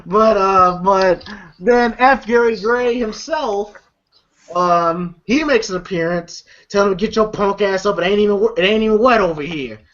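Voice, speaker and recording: A man's voice: high-pitched, moderate pace, fairly bright tone. A man casually recapping a movie for his friends in a rambling, profane way. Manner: rambling, profane retelling, laughing through it. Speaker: movie reviewer. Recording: slightly muffled lo-fi audio.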